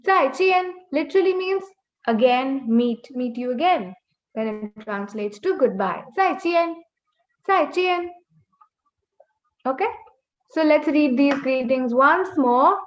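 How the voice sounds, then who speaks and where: A young woman leads a webinar lesson, her high voice stretching out each word and repeating it patiently. She speaks very slowly and deliberately. The audio is muffled and lo-fi, as on a video call. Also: animated. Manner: slow, drawn-out tone demonstration with repetition. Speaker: Mandarin teacher. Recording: dull lo-fi online call audio.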